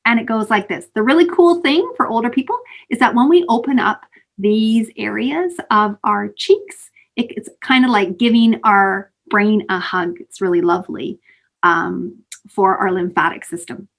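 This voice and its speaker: A woman teaching children mindfulness breathing over a video call, in an animated, sing-song way. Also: medium pitch, normal speed, vocal fry. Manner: animated, sing-song, calls kids sweethearts. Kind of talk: teaching kids breathing exercises. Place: home, virtual session.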